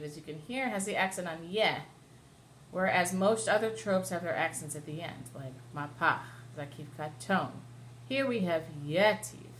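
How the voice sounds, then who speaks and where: A woman cantor leads a lesson on chanting, explaining each pattern patiently. Her voice sits at a middle pitch. A faint hiss runs under the recording. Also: fairly bright tone. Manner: explains patiently, then chants short sung examples. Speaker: cantor teaching Torah chanting. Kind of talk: class lesson with sung examples.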